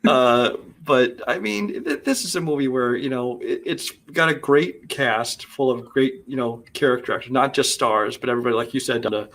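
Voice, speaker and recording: A man's voice: mid-range voice, normal speed, few pauses, a bit bright. A man co-hosting a casual movie podcast, critiquing a film in a rambling way with many fillers. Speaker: podcast co-host.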